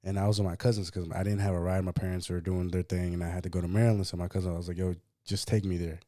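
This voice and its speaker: A man co-hosting a podcast, telling a personal story in a casual, profane, animated way and acting out what others said. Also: sits low, racing, no echo, clean studio sound. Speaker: podcast co-host.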